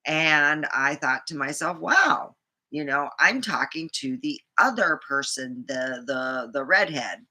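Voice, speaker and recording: Woman vlogger, rambling storytime, bright tone, slow unhurried delivery, fillers and restarts. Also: a bass voice. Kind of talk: casual storytime monologue.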